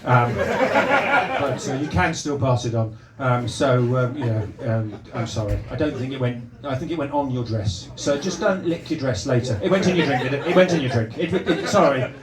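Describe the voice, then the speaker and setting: Teasing comedian in an echoey club. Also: male voice, medium pitch, expressive, moderate pace, crowd noise. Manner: teasing, rambling, stammering restarts. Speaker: stand-up comedian. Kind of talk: crowd work stand-up. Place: comedy club with a live audience. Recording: echoey club, mic at a distance, loud noise.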